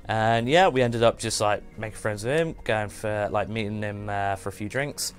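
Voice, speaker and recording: A man's voice: lowish voice, moderate pace, soft background music. A man hosting a casual game livestream, chatting in a rambling way and often trailing off and restarting. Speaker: livestream host. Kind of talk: casual gameplay chat.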